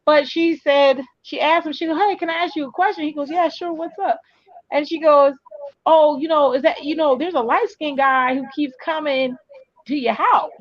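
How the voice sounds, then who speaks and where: A woman with a high voice chatting casually and telling an animated story, acting out the people in it. Her audio is dull and close with no room sound, like a remote call mic. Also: normal speed, no room sound. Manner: animated storytelling with quoted dialogue. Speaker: co-host. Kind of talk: casual chat.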